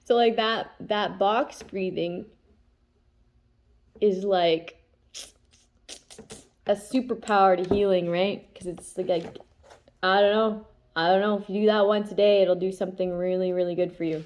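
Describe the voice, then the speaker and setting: Her voice sits at a medium pitch, a little mellow, with fairly even intonation, and she takes her time, pausing often. Nose stuffed up, the woman talks through a relaxed tarot reading full of fillers and laughter. She keeps asking "okay?" and sometimes reads passages aloud.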